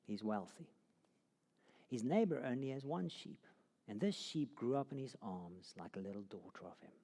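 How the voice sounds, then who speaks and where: A man's voice: mid-range voice, animated, normal speed, warm tone. A man teaching a Bible course, telling the story dramatically and sinking to a near whisper at key moments. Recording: long hall reverb.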